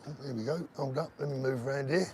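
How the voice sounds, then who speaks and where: A man's voice: mid-range voice, fast talker, a little mellow, slight background noise. A middle-aged man hosting a casual live stream while walking outdoors, chatting, joking and reading out viewer comments. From Britain. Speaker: livestream host. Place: outdoors on resort streets, walking. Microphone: phone on a selfie pole.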